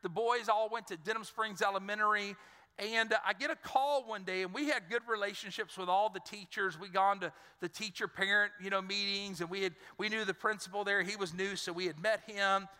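Animated pastor, bright and high. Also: male voice, brisk, clean tone. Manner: animated, acts out voices in his stories. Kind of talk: sermon with personal storytelling. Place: large church hall. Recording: reverberant church sanctuary.

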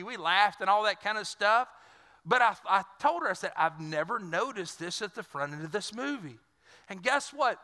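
Brief: earnest storytelling preacher, man, high voice, long church reverb. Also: sharp tone. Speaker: pastor. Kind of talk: sermon. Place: church sanctuary.

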